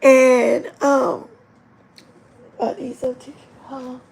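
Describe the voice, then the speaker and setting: Woman livestream host, high voice with lots of vocal fry; earnest, emotional testimony spoken straight to viewers. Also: little pitch movement, slow pace, darkish tone, slight background noise. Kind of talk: live-stream faith testimony.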